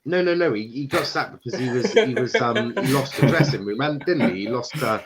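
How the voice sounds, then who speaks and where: A man's voice: mid-range voice, lively intonation, a little fast, over a noisy crowd. A man from Ireland hosting a casual football chat, reading out viewer comments, laughing often and restarting sentences. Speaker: podcast host reading chat. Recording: dull lo-fi sound.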